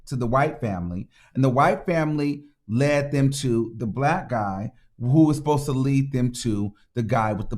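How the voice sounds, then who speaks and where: Guy recapping a film all dramatic and slangy, mid pitch, lots of repeats and pow pow noises. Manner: dramatic, slangy retelling with sound effects; emphatic, repeats lines for effect. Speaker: movie reviewer and channel host. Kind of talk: casual movie recap.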